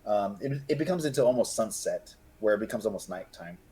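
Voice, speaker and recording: A man's voice: fairly low pitch, animated, a little fast, mellow, low-quality recording. A man narrating as game master of a tabletop game, rambling and restarting his phrases.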